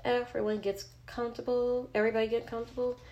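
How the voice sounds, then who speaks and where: A woman's voice: on the high side, flat delivery, quick pace, darkish tone, highs cut off, voice pushed up, close to an everyday voice. A woman voicing a charming, polite male teacher addressing his class.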